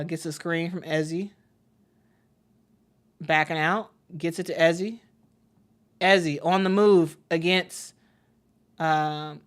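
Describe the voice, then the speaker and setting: A woman calling a live basketball game for her stream, chatty and excitable, talking straight to her viewers. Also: sits low. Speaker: play-by-play commentator. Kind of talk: casual live play-by-play stream.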